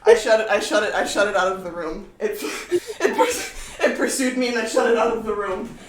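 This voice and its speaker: A woman streaming live and chatting casually with friends, loud and profane, often laughing and shouting. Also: medium pitch, a little fast, echoey room.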